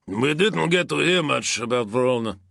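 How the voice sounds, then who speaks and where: A man's voice: mid-range voice, lively intonation, moderate pace, creaky, fairly bright tone, no echo, studio quality, voice pushed up. A man voicing a calculating Roman praetorian soldier who asks probing questions.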